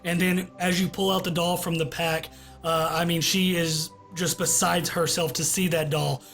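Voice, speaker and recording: A man acting as game master, narrating a tabletop game in a relaxed, descriptive way over a voice call. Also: a little high, normal speed, soft background music. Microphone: online voice call.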